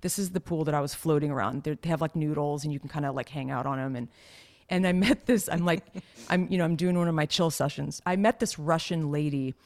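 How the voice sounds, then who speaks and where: This podcast co-host's voice sits low, with a darkish tone and a fairly quick pace. She tells stories in a chatty, meandering way, filler words throughout the casual conversation.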